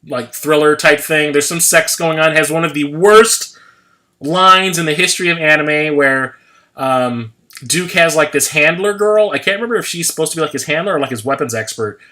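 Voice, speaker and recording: A man's voice: fairly high pitch, moderate pace, pushed and bright. A man in his forties chatting casually on a livestream, rambling, swearing freely and laughing at himself. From United States. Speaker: livestream host.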